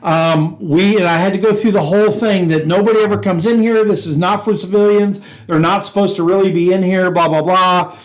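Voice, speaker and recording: Guy cohosting a cop podcast, fairly high voice, tells war stories all animated and laughing a lot. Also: brisk, few pauses, rough recording. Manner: animated storyteller, laughs often, acts out quotes. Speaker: podcast co-host, former police officer. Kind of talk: casual storytelling chat.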